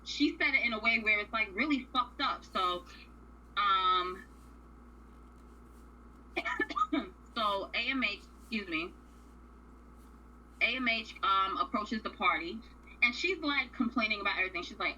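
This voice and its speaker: Blunt, profane woman recapping with bright tone. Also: mid-range voice, lively intonation, unhurried, pauses often, a little hiss or hum, poor audio. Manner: blunt, profane, opinionated storytelling. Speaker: radio show co-host. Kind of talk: casual reality TV recap.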